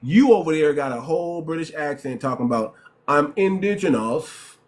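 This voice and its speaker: A man hosting a heated live stream debate, forceful and repetitive, often cutting in with "listen" and "hold on.". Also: fairly high pitch, fast. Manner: forceful, repeats words, interrupts. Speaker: host.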